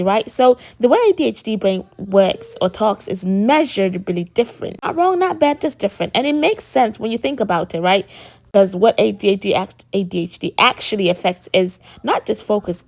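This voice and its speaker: A woman in her thirties, an American accent with a British lilt, explaining to camera with lively emphasis and frequent rhetorical asides. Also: a little high. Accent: American mixed with a British lilt. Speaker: vlogger.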